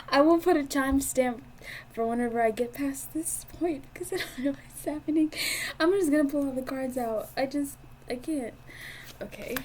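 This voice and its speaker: A woman's voice: sits high, moderate pace, a little mellow. A woman doing a casual tarot reading monologue, giggly and gushing, emotional and swearing freely. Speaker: tarot card reader. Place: indoors at a table.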